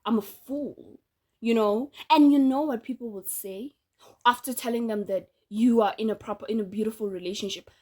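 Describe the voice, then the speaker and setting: A woman vlogging in a relaxed, opinionated way, speaking directly to her audience. Her voice sits a little on the high side. She laughs often between her points. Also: brisk. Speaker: vlogger and podcaster. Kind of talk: casual direct-to-camera monologue.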